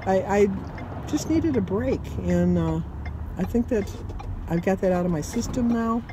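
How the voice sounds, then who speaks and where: A woman's voice: mid-range voice, lively intonation, a little slow. An older woman with a Michigan accent, talking casually and poking fun at herself while driving, her throat a little froggy. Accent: Michigan American. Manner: chatty, self-mocking, laughs at herself. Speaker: vlogger. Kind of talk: casual talk to camera. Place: in a car, driving. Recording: noisy car interior.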